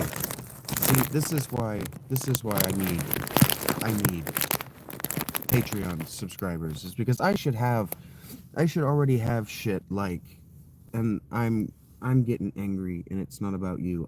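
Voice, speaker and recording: Low mellow guy rambling on a phone stream from his tent, bit of background hiss, keeps apologizing. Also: low-quality recording. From Ohio. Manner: rambling, easily frustrated, apologetic. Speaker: livestreaming creator. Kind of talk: casual livestream chat. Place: inside a wet tent, in a sleeping bag. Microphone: phone camera set down close.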